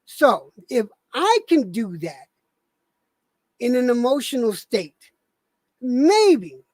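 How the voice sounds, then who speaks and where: Slow-talking woman pleading on a stream. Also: high voice, dark tone, no room sound. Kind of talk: casual on-stream talk.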